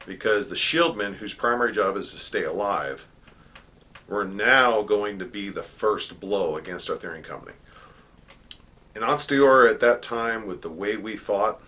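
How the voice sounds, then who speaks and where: A man telling a personal story in a casual monologue, animated, acting out the dialogue with frequent filler words. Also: on the low side. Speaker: channel host recounting a story.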